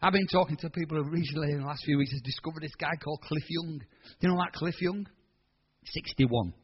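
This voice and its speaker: Husky preacher in his sixties. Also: fairly high pitch, brisk, dull audio. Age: 60s. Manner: animated, colloquial storytelling with quoted voices. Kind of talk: storytelling sermon.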